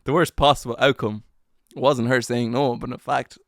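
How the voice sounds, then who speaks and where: A man's voice: mid-range voice, steady tone, moderate pace, vocal fry, no echo, studio quality. A young man hosting a solo podcast, telling a story in a rambling, self-mocking way with lots of slang and fillers. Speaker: podcast host.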